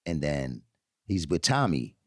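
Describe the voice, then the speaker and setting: A man's voice: extremely low pitch, unhurried, dry recording, studio quality. A middle-aged man telling a long story in a casual chat, acting out the voices of the people in it and laughing often. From New York. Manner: animated, acts out quoted voices, laughs often. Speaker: guest storyteller.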